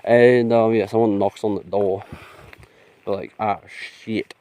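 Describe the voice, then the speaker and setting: A man's voice: on the low side, steady tone, measured pace, dark tone. A young man, rambling through a casual story into his phone, laughing and swearing as he goes. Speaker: vlogger. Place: outdoors.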